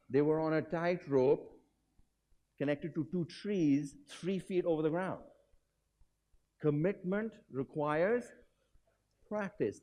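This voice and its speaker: Man, keynote speaker, lively pitch, storytelling, quizzes the audience, motivational business talk. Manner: animated, swings pitch and volume. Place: hotel conference hall.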